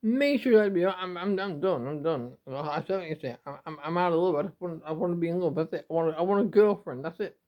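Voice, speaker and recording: A man's voice: fairly high pitch, animated. A man from England talking to his camera in a rambling, emotional home vlog, often repeating and restarting himself. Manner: emotional, repetitive, halting. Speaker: YouTuber. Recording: dull lo-fi home recording.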